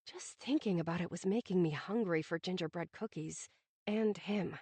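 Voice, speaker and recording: A woman's voice: fairly low pitch, normal speed, warm tone, breathy edge, dry recording. A woman narrating a first-person romantic comedy audiobook in a wry, self-conscious manner, from a studio booth on a close mic.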